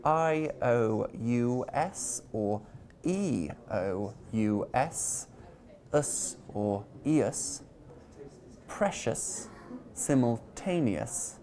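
A man presenting a scripted pronunciation lesson, his pitch swinging widely as he talks. He takes his time, spelling out letters and endings slowly with a playful edge. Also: animated, a little mellow. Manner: playful and deliberate, spelling out words. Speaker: pronunciation teacher.

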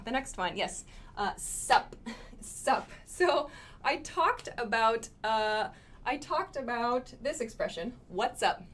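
A woman's voice: fairly high pitch, slight background noise. Cheerful woman teaching English. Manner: cheerful, laughs often, talks to viewers. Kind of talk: live-streamed English lesson.

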